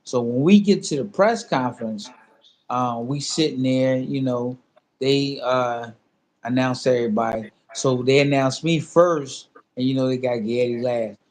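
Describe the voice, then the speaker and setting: Speaking at a measured pace with a medium-pitched voice, this former boxer in his fifties recounts a story during a casual seated interview. He's an animated storyteller, voicing both ends of a phone call in loose, repetitive phrasing full of fillers.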